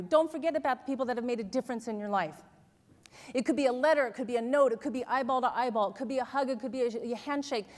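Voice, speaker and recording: A woman motivational speaker telling stories in a keynote speech, animated and laughing, asking the audience questions. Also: sits high. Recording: large hall with long reverb.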